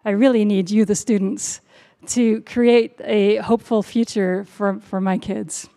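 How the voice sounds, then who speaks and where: A woman's voice: mid-range voice, steady tone. A middle-aged woman hosting a university lecture series, giving thanks and remarks with many fillers and self-corrections. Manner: warm, halting, with frequent fillers and self-corrections. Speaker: honors program host.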